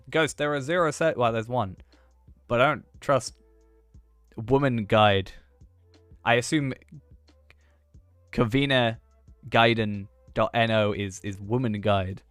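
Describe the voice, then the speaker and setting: A man's voice: mid-range voice, a bit bright, dry recording. A man streaming a game, chatting casually and thinking aloud in a rambling, self-mocking way. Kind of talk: casual gameplay chat.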